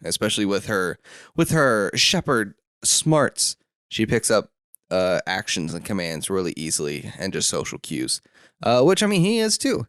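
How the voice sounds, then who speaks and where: Brief: young male podcast host, low, smooth voice, dry close sound, rambling with fillers, scratchy throat. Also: dry recording. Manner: rambling, many fillers and restarts. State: throat rough, coughing. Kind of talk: solo podcast chat. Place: room at home.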